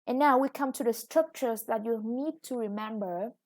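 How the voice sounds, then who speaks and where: A woman's voice: a little high, moderate pace. A woman English teacher with a Vietnamese accent, explaining a lesson patiently. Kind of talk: recorded classroom lesson.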